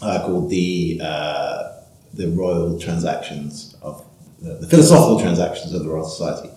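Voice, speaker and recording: A man's voice: low-pitched, moderate pace, warm tone, very echoey, poor audio. A man co-hosting a casual science chat, explaining things in a dry, orderly way. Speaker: podcast co-host, scientist.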